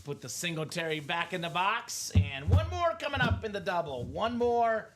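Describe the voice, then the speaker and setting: A man's voice: high voice, very animated, moderate pace, background noise. A man hosting a live card break, chatting enthusiastically about football players and hits. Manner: enthusiastic, chatty sports banter. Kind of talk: upbeat live stream commentary.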